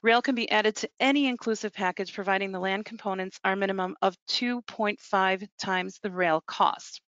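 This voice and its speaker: A woman's voice: medium pitch, fairly even intonation, fairly bright tone, no room sound. Woman presenting a webinar, lo-fi audio. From North America. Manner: brisk, salesy, with small slips. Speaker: travel company presenter.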